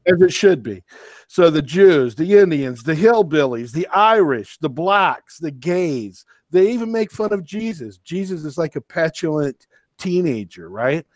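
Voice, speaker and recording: A man's voice: fairly high pitch, very animated, measured pace, no echo. A man co-hosting a podcast chat, worked up and ranting emphatically. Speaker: podcast co-host. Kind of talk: casual chat.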